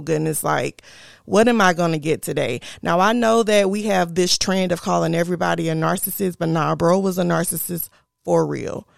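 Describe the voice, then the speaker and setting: A woman's voice: lowish voice, creaky, dry recording, studio quality. Chatty young woman telling a story. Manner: chatty, animated, addresses listeners as y'all. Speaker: podcast host. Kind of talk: casual storytelling.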